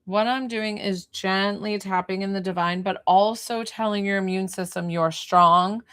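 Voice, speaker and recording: A woman running a live-streamed energy healing session, talking calmly through breathing and encouragement with chatty asides. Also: medium pitch, normal speed, clear, resonant tone. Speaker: spiritual healer on a livestream.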